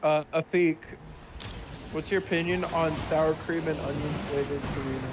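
A man chatting on a gaming livestream in a playful way, throwing out silly questions and rapid repeats. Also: a little high, fairly even intonation, noisy background. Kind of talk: casual gaming stream chat.

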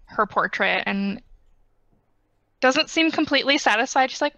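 Woman player with a gravelly voice. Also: sits high, animated, moderate pace, long pauses, sharp tone, dry recording. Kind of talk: in-character play at a tabletop game. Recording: dull, lo-fi audio.

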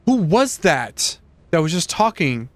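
A man hosting a casual gameplay session, excitable and laughing often as he chats with friends. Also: on the high side, a little slow. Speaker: gaming channel host.

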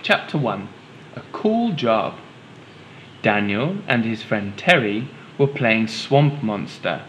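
Brief: male teacher reading aloud to children, unhurried, lively pitch, patient. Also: dull audio, a little hiss or hum. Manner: patient, explains to young listeners. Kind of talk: children's storybook read-aloud.

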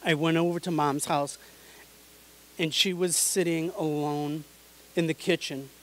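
A man reading his personal memoir aloud in an earnest, measured way. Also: a little high, fairly even intonation, low-quality recording. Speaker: memoir narrator.

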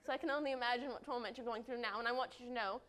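A woman performing a live improv comedy scene on a theater stage, talking in an earnest, deadpan way. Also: fairly high pitch, racing. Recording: noisy live stage recording. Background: audience laughter.

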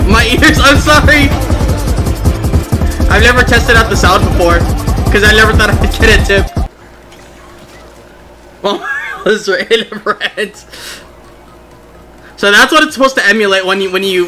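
A young man streaming a game, chatting casually with his viewers in an excitable, giggly way. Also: sits high. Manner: excitable, giggly, talks to chat. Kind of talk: casual live-stream chat.

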